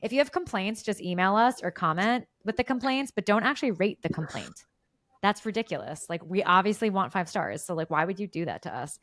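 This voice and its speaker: A woman's voice: medium pitch, animated, brisk, fairly bright tone, dry recording, clean studio sound. A woman co-hosting a podcast, chatting in a matter-of-fact way about politics and the show. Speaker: podcast co-host. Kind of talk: casual political chat. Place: New York City.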